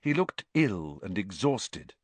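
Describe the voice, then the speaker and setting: A man reading an audiobook aloud, narrating in an expressive storytelling manner. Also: lowish voice, slow pace, no echo.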